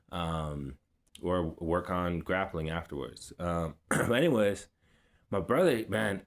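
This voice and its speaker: A man with a fairly low voice talks straight to his audience in a loose, casual vlog. He rambles with plenty of fillers and restarts and drops easy street slang as he goes. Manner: laid-back street slang. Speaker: vlogger. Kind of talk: casual personal storytelling.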